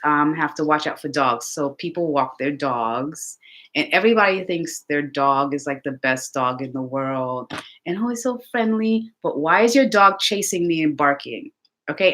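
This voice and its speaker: A woman vlogger chatting casually to her viewers, telling lively stories. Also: on the low side. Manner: chatty, animated storytelling with laughs. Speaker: lifestyle vlogger.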